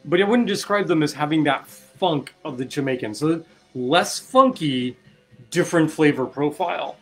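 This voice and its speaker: A man's voice: a little high, expressive, moderate pace, a bit bright, faint music behind. A man hosting a casual live stream, chatting and explaining while he mixes cocktails, with wry asides. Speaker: host mixing cocktails.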